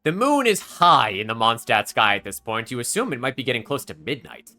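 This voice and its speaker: A man narrating a tabletop role-playing game as game master, with frequent pauses and fillers. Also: medium pitch, very animated, pushed and bright, faint music behind. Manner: rambling with fillers.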